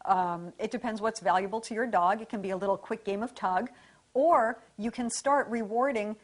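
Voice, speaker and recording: A woman's voice: mid-range voice, moderate pace. Practical woman explaining dog rewards. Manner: clear, practical, explaining step by step. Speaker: dog trainer. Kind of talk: instructional explanation.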